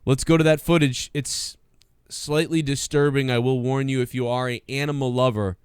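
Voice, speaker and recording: A man's voice: mid-range voice, steady tone, normal speed, clear, resonant tone, no echo, clean studio sound. A man hosting a casual comedy podcast, rambling and joking with lots of fillers. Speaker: podcast host.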